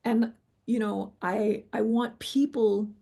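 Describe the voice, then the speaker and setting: A woman sharing her near-death experience in an earnest, halting way, restarting sentences and quoting her own thoughts. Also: a little high, steady tone, vocal fry, dark tone. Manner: earnest, halting, with many restarts and quoted inner voice. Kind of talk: emotional personal storytelling.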